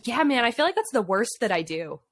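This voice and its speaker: A woman's voice: a little high, very animated, fairly quick, no room sound. A woman guest on a podcast, a mother of young children, talking frankly in casual chat, swearing freely and laughing often.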